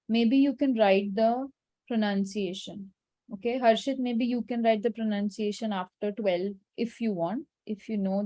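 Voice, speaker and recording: A woman teaching French in an online class, patient and instructive but gently firm with her students. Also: a little high. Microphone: video call.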